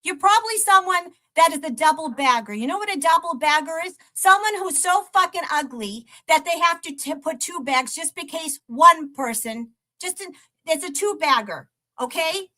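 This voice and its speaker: High-voiced lady ranting on her livestream, swearing a lot, slow and bright. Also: lively intonation. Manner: profane, taunting, laughs between jabs. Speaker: livestream host. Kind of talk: ranting live-stream commentary.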